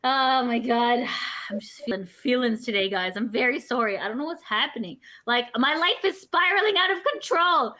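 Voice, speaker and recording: A woman's voice: on the high side, normal speed. A woman co-hosting a podcast, telling rambling, profane stories in casual chat. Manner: rambling, profane, animated storytelling. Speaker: podcast co-host.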